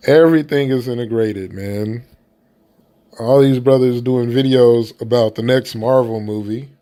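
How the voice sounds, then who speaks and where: A man's voice: medium pitch, unhurried, warm tone. A man from the United States giving casual opinion commentary in a blunt, profane and rambling way.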